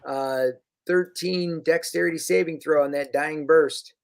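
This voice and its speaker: A woman narrating as game master, her voice sitting a little low for a woman. She talks in a quick, casual way, often stopping herself with "uh" and correcting course mid-sentence. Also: steady tone, gravelly.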